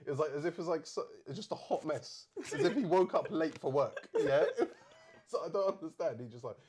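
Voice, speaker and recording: A man's voice: on the high side, a little fast. A man co-hosting a casual chat podcast, telling party stories with lots of laughter. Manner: animated storyteller, laughs a lot. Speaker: podcast co-host.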